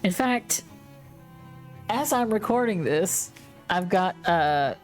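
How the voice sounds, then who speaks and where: A woman's voice: fairly low pitch, lively intonation, takes it slowly, faint music behind. A woman hosting a gaming video, giving casual, chatty, self-deprecating commentary from home.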